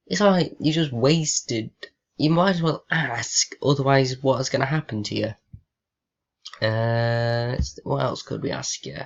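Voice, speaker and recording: Casting: young guy, unhurried sarcastic vlog chat, dull lo-fi laptop sound. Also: medium pitch, expressive. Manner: sarcastic, swears, reads typed questions aloud. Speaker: vlogger. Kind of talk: casual chat with a chatbot.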